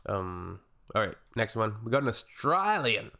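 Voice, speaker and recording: A man from Canada with a lowish voice hosts a casual reaction video. He reads comments aloud and answers them with dry, sarcastic jokes. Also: expressive, slow, creaky, long pauses, sharp tone.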